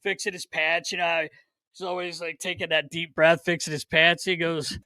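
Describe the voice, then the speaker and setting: A man tells stories with a bright, forceful edge, laughing through his punchlines and cursing freely. His voice sits a little high for a man. The sound is close and dry. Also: moderate pace, dry recording. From Philadelphia. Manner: animated, laughs often, swears. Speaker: podcast co-host, former player. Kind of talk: casual storytelling chat.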